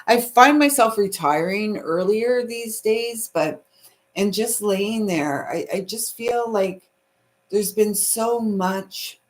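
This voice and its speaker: A woman's voice: mid-range voice, takes it slowly. A middle-aged Canadian woman with a Canadian accent, hosting a spiritual live stream in a soothing, chatty way and reading viewer comments aloud. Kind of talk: casual live-stream chat.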